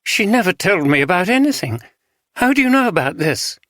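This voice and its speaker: A man's voice: high voice, very animated, a little fast, a bit bright, dry recording, clean studio sound, pitched above the performer's own voice. A man doing a worn-out grieving husband. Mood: bewildered. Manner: weary and bewildered. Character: tired, distracted grieving male widower.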